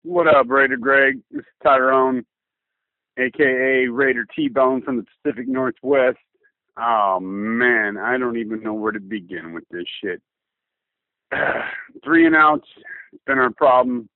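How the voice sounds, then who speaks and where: A man's voice: mid-range voice, unhurried, no echo. A man calling in to a fan show, sounding weary and frustrated. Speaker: caller. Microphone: phone. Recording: tinny phone line.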